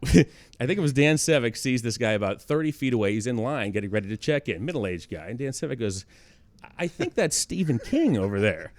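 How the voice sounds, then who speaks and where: Animated man telling stories, lively pitch. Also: fast, no room sound. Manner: animated storyteller acting out quoted lines. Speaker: guest beat writer. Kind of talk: casual podcast storytelling.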